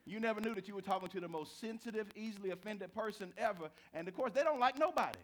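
A man preaching a sermon to a live congregation, telling stories with big swings from quiet to shouting. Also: fast. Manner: animated storytelling, swinging from low to shouted. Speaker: pastor.

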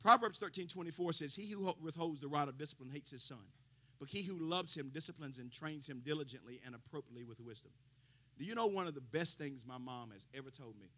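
A man's voice: a little high, lively intonation, fast, pushed and bright. A man preaching a sermon, quoting scripture with folksy asides and rising fervor. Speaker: pastor.

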